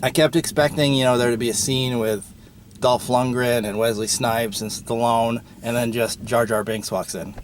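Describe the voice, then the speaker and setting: Man, podcast host, casual movie review, opinionated, chatty with ums and uhs, mid-pitched voice. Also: fairly even intonation, normal speed, slight background noise.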